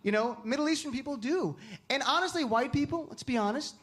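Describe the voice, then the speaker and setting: A man from New Jersey doing stand-up comedy, with an animated, punchy delivery. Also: extremely high pitch, a little fast. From Lodi, New Jersey. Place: comedy stage. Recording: live venue with audience noise.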